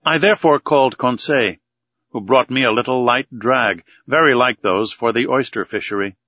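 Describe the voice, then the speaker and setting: A man narrating an audiobook in a steady, measured reading. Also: mid-range voice, no room sound. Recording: dull, dry recording.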